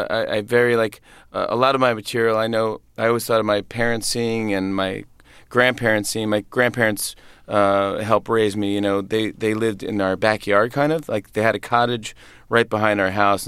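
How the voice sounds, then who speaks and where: Smooth and fairly low-pitched yet somewhat bright, this man's voice comes through with no echo. He's a comedian in his thirties being interviewed as a guest, laughing often and performing voices while telling stories.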